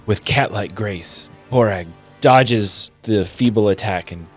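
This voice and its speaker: A man's voice: on the low side, slow, breathy edge, soft background music. A man player narrating punches and dodges in a playful, dramatic way. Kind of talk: casual tabletop narration.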